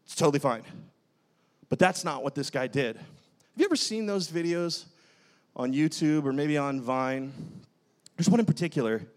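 High-voiced, animated male preacher. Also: moderate pace, pauses often. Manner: animated, dramatic storyteller with shifting energy. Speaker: pastor. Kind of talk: sermon with personal storytelling.

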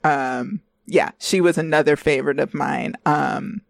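Gravelly woman from California. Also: sits low, fairly even intonation, no echo, clean studio sound. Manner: slangy, laughing, unhurried. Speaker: podcast guest. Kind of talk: casual chat.

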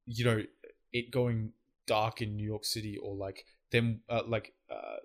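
A man's voice: lowish voice, level tone, a little slow, gravelly. A young Australian man co-hosting a casual chat, swearing freely and explaining things at length. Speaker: podcast co-host.

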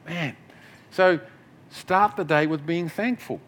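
A man's voice: on the high side, expressive, measured pace, a bit bright. A middle-aged man preaching a sermon as pastor, in a conversational way with asides and restarts.

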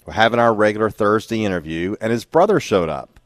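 A man hosts a sports radio show, trading folksy jokes with his guest. His voice sits low and sounds close and dry in the studio. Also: animated, brisk, no echo. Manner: teasing, joking, folksy. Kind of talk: casual sports radio banter.

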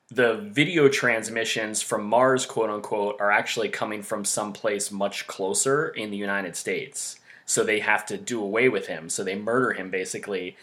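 A man's voice: on the low side, a bit bright. A man co-hosting a casual movie podcast, talking with lots of fillers and frequent laughter. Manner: laughs often, many fillers. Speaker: podcast co-host.

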